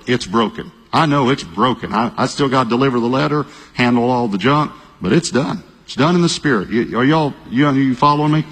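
A male pastor, telling a story in a sermon, talking fast and repeating himself, at times breaking into shouts. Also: medium pitch, husky. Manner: animated storytelling, bursts of shouting and quick repeated phrases. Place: large church hall. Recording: long reverb of a large hall.

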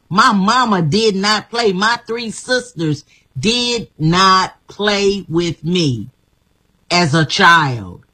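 Slow, husky, bright-voiced woman. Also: mid-range voice. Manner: emphatic, repeats herself, laughs often. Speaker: guest. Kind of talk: inspirational interview talk.

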